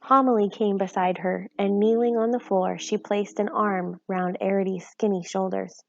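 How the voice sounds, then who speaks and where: Woman calmly reading a children's book. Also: medium pitch, normal speed, gravelly, lo-fi sound. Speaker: reader. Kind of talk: reading a children's novel aloud.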